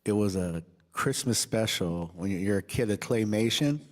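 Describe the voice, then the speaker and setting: A man's voice: fairly low pitch, normal speed. A man co-hosting a livestream, talking in a rambling, casual way full of fillers. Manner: rambling, lots of likes and ums. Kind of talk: casual chat.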